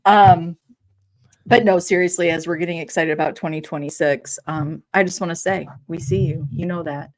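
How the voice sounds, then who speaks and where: A woman co-hosts a relaxed podcast in a slightly low voice. She giggles often and rambles, restarting her sentences as she chats. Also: normal speed. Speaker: podcast co-host. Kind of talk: casual chat.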